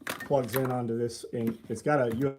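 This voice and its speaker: Flat and mid-range, this man's voice moves at a normal speed over background noise. Hosting a casual tactical-gear sales livestream, he speaks bluntly with lots of profanity, alternating between rambling and furious ranting.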